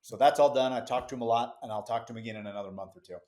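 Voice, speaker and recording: A middle-aged business founder, a man, telling a lively story as a podcast guest, with quick asides and easy laughs. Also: medium pitch. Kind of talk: casual interview storytelling.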